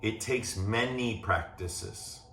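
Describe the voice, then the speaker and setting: Direction: Low-voiced male yoga teacher, echoey room. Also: slow pace, distant mic, a little hiss or hum. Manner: calm, demonstrating as he talks, checks in with "right?". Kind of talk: guided yoga class instruction.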